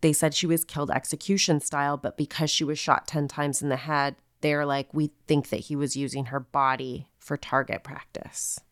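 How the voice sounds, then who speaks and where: A woman with a low, smooth voice recounts a crime case in a loose, conversational way, full of fillers and quoted asides. The recording is dry and close, with no room sound. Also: flat delivery, moderate pace, hardly any pauses, dry recording. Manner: chatty, filler-heavy, quotes people in asides. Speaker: podcast co-host. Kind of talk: casual true-crime storytelling.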